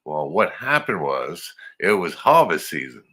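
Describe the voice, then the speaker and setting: A man's voice: low-pitched, big pitch swings, a little slow, pushed and bright. An older man, chatting casually and cracking dry jokes. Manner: joking, dry one-liners. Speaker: co-host. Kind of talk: casual chat.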